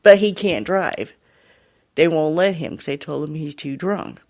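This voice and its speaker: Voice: mid-range voice, unhurried. A podcast host retelling a story in a casual, chatty way, laughing often and restarting phrases.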